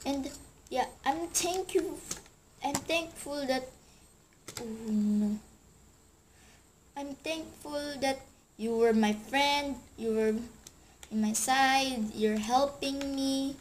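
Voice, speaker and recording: A woman vlogger giving a halting, emotional thank-you to a friend, searching for her words. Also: high voice, slight background noise. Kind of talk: heartfelt thank-you vlog.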